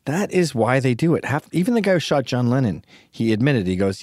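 A man's voice: mid-range voice, big pitch swings, fairly quick, darkish tone, no room sound, clean studio sound. A man hosting a podcast, talking alone in a sarcastic, crude, rambling way. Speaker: podcast host. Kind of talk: casual podcast monologue.

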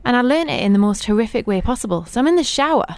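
Lively woman telling radio stories. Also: a little high, very fast, no room sound. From Britain. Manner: animated, laughing anecdotes. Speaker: radio show presenter. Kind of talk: chatty radio storytelling. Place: radio studio.

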